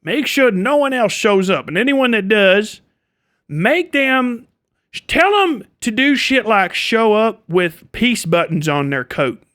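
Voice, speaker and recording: A man voicing a scheming older man who talks with a put-on accent, low and drawn out. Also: big pitch swings, slow, a bit bright, heavily acted.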